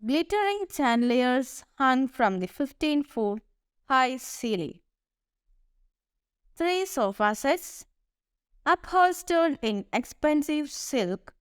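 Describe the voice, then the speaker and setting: A woman narrating an audiobook in a measured first-person storytelling manner. Her pitch rises and falls in a lively way at a slow, deliberate pace, while her voice stays smooth and crisp. It is close-miked and dry, with no room sound. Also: no room sound. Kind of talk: audiobook reading.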